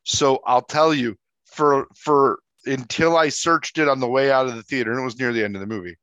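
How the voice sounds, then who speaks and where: A man's voice: medium pitch, a little fast, a bit bright, no echo. A man co-hosting a casual movie-review podcast, chatty and teasing as he tells stories. His voice sits in a mid range. The recording is dry and slightly dull. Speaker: podcast co-host.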